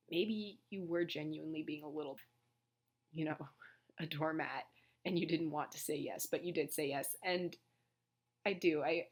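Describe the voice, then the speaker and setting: Low-pitched lady musing on a show, hesitant, keeps restarting, voice going hoarse. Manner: thoughtful, hesitant, restarts sentences. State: losing her voice. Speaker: story discussion channel host. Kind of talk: reflective casual commentary.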